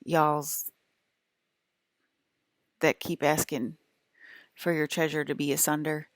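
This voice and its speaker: A woman's voice: low voice, level tone, slow pace, dry recording. A woman talking casually to her viewers in a loose, rambling monologue full of "like" fillers. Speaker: vlogger.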